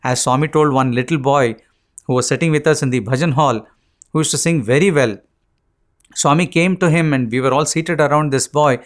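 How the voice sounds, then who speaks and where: A middle-aged man with an Indian English accent shares devotional memories in a talk. His voice sits slightly high, and his earnest storytelling is full of fillers and pauses. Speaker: satsang speaker.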